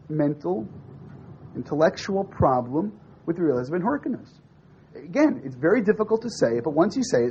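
A man teaching a class in a fairly high voice, swinging up and down as he acts out a story's dialogue. He keeps asking his listeners questions. The recording is dull and lo-fi, with a faint hiss under it. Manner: animated, acts out dialogue with rising and falling voice; asks the audience questions. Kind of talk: lecture with storytelling.

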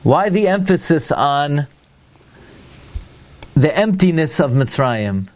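A man with a slightly raised pitch leads a Torah lesson. He keeps asking why, sets up each point as a puzzle, and stops now and then to hunt for a word. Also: very animated, a little mellow. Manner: asks rhetorical questions, pauses to search for words. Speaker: Torah teacher. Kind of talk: Torah class lecture.

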